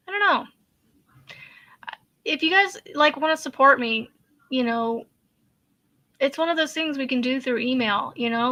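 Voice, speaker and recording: A woman's voice: high voice, pushed and bright, muffled recording. A woman, hosting a casual crochet live chat in a rambling, hesitant way with many fillers and sighs. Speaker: crochet channel host.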